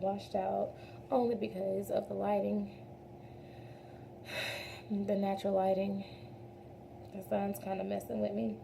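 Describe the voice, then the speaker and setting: Gravelly-voiced woman chatting through a makeup routine. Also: mid-range voice, dark tone, a little hiss or hum. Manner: earnest, rambling, addresses viewers as y'all. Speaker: beauty vlogger. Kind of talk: casual makeup tutorial chat. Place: home, daylight from a window.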